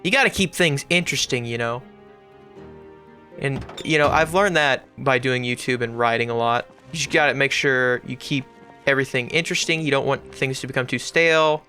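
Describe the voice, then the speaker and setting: Over soft background music, a man narrates a let's-play in a loose, rambling way, his mid-range voice moving at a moderate pace. Every so often he erupts into loud outbursts and curses, typical of a casual gaming YouTuber.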